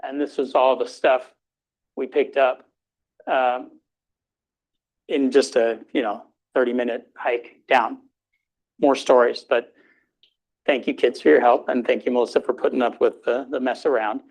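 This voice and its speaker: Halting middle-aged man lecturing. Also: medium pitch, steady tone, a little mellow, rough recording. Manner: informal, halting, many fillers. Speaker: grand rounds speaker. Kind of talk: hospital lecture and Q&A. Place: hospital lecture room.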